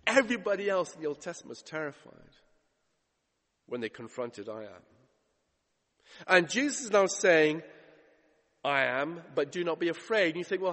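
Man, preacher, high voice, dramatic sermon delivery, long church reverb. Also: fairly bright tone. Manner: dramatic retelling, acting out quoted voices.

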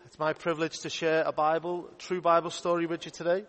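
A young man working as a youth minister, telling a Bible story to children in a playful, upbeat way. His voice sits fairly high for a man. The church hall around him adds a long, ringing reverb. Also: flat delivery, a little fast, a bit bright.

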